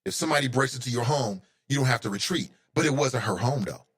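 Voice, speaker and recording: A man's voice: mid-range voice, lively intonation, quick pace, a bit bright. A man hosting his own talk show, giving heated, opinionated commentary that climbs into indignant outbursts.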